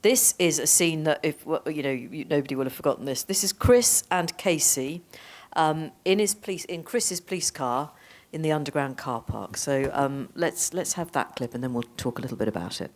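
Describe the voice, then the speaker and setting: A woman moderating an onstage Q&A, brisk and guiding, steering the talk along. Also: low voice, lively intonation. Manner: brisk, guiding, quick interjections. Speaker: panel moderator. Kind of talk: hosting an onstage Q&A.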